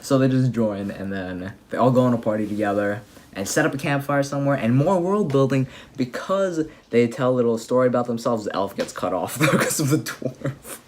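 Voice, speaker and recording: A young man casually recapping an anime episode, rambling and excitable with lots of fillers and restarts. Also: medium pitch, brisk, slight background noise. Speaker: anime reviewer.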